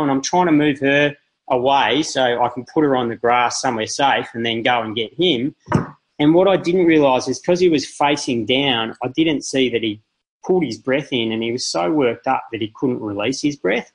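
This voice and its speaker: A husky-voiced man in his thirties, chatting as a podcast guest. He rambles through his stories with plenty of "um"s and restarts, poking fun at himself. His pitch sits in an ordinary middle range. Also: brisk, poor audio. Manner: rambling, self-deprecating, frequent fillers and restarts. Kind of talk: casual interview storytelling.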